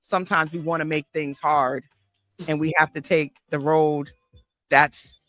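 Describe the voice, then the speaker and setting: A woman's voice: deep voice, little pitch movement, unhurried, fairly bright tone, soft background music. A woman therapist and life coach hosting a podcast, thoughtfully recalling a past conversation on a video call. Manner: reflective, thoughtful recollection. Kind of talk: casual interview conversation.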